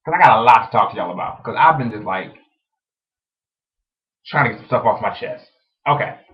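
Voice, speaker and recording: A young man talking casually to his webcam, chatty and animated, telling stories with lots of "like". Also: mid-range voice, fairly quick. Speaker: vlogger. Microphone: webcam microphone. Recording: dull lo-fi webcam audio.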